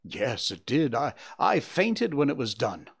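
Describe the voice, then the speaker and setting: A man's voice: medium pitch, sing-song, unhurried, gravelly, breathy edge, full character voice. A man voicing a shaken, wounded young engineer in a storybook reading, talking in agitated, breathless bursts. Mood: weary.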